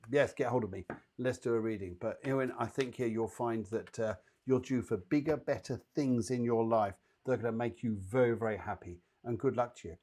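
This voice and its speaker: A man's slightly mellow, medium-pitched voice carries his live psychic show, where he delivers short mini readings to viewers. He chats in a reassuring way, speaking right to the people he's reading.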